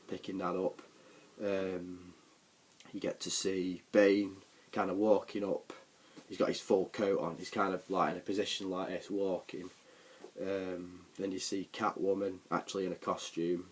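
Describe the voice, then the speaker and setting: Man, deep voice, husky, rambling casual vlog recap. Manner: rambling, full of ums and restarts. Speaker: film reviewer.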